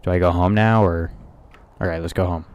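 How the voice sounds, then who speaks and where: A man's voice: sits low, steady tone, a little fast, darkish tone, muffled recording. A man in casual let's-play commentary, joking, swearing and muttering reactions on a close microphone. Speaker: gaming streamer.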